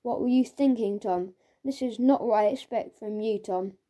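A woman's voice: a little high, normal speed, warm tone, natural voice. A woman voicing a stern male schoolteacher who scolds a pupil in a children's audiobook. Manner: scolding, exasperated.

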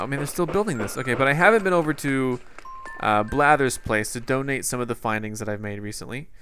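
A man's voice: medium pitch, fairly bright tone. Chatty man narrating gameplay. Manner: chatty, playful, rambling asides. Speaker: gameplay host. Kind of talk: casual let's-play commentary.

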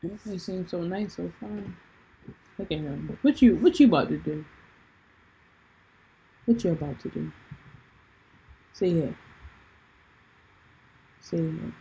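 A woman's voice: fairly low pitch, a little slow, pauses often, dark tone, breathy edge. A woman vlogger in a casual video chat with strangers, teasing and playful. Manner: teasing, playful, slips into mock crying. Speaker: vlogger chatting with strangers online.

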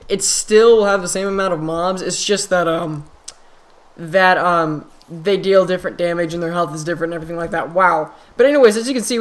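A man hosting his own channel, giving casual gameplay commentary in an excitable way, full of exclamations and quick restarts. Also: sits high. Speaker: gaming channel host.

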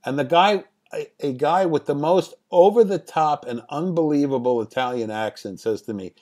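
A man's voice: fairly high pitch, moderate pace, darkish tone. A man in his sixties, a screenwriter and director, telling stories as an interview guest. He talks animatedly, laughs at his own stories and swears casually. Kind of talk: anecdotal interview storytelling.

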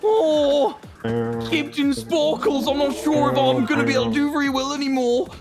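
A man voicing an excitable Australian bloke with a put-on Australian accent and loud, hammy exclamations. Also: extremely high pitch, normal speed, over loud music, pitched above the performer's own voice. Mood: excited.

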